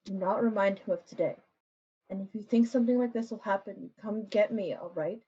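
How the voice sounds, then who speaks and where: A caring older man with a put-on French accent, speaking low and quickly, as a woman acts him out. The voice is mellow and a little husky, on a dull, muffled recording. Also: natural voice. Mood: tender. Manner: brisk, tender instructions.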